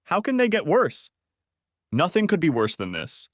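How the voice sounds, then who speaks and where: A man's voice: a little high, wildly swooping pitch, normal speed, dry recording, studio quality, voice pushed up. A man voicing a distraught adult wife who pleads and defends herself, in a story reading. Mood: pleading.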